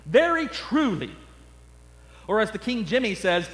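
A man preaching an expository sermon, slowing down dramatically on key words. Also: high-pitched, very animated, a bit bright, long reverb tail, rough recording. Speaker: pastor.

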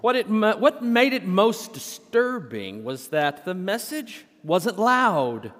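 Male pastor, sermon, deliberate storyteller, humorous, slow, church hall reverb. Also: high voice, very animated, a bit bright. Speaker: senior pastor.

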